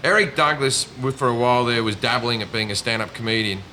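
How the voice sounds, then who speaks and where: A fast-talking man with a mid-range, bright, forceful voice and an Australian accent is a comedian guest in a casual chat, telling stories, cursing, and mimicking others. There's some faint hiss or hum.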